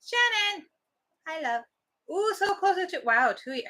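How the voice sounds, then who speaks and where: A woman's voice: very high-pitched, big pitch swings, a little slow, pushed and bright. A woman co-hosting a movie watch party livestream, chatting casually and greeting viewers with a giggle.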